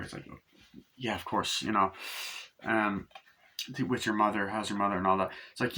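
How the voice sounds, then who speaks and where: A man's voice: on the low side, steady tone, a little fast, sharp tone. A man talking through a film review in a loose, rambling way, gushing and swearing a lot. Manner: rambling, enthusiastic, heavy swearing. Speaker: movie reviewer. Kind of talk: casual film review monologue.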